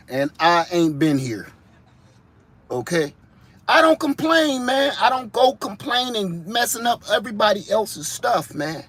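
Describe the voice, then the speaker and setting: High-voiced man in a slangy comic rant. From Ohio, US. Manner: animated, slangy storytelling. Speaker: vlogger. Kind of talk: comedic monologue.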